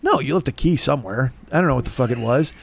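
A man's voice: medium pitch, expressive, fast talker, gravelly, husky. A man telling a long comic story as a profane, exasperated rant, doing mocking impressions of his friend along the way.

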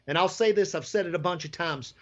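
Man, pastor guest, fiery, emphatic, slightly high voice, dull lo-fi sound. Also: fast. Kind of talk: preacherly interview guest.

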